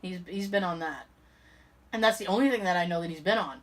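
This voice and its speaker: A woman co-hosting a podcast in casual chat, telling stories in an animated way and swearing freely. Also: on the low side, fast talker. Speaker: podcast co-host.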